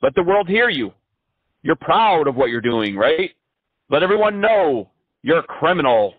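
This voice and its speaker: Male prank caller, sarcastic, slightly high voice, tinny phone audio. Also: very animated, normal speed, no room sound. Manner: mocking, sarcastic.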